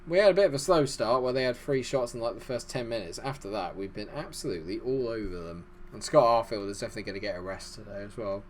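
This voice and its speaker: A man giving fast, excitable live commentary over a football management game, chatty and self-deprecating. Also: fairly low pitch, a little hiss or hum. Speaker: gaming YouTuber.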